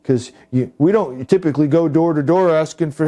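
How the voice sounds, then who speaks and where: A man's voice: fairly high pitch, expressive, normal speed, few pauses, mellow. A man presenting to police officers in a recorded talk, rambling, with many fillers and restarts. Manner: rambling, heavy with "you know" and restarts. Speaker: presenter for a healing services group.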